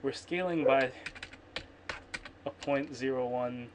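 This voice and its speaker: A man's voice: medium pitch, slow pace, background noise. Man thinking aloud while coding. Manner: rambling, self-correcting, mutters to himself. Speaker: programmer streaming his coding. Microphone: computer microphone. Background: keyboard typing and clicks.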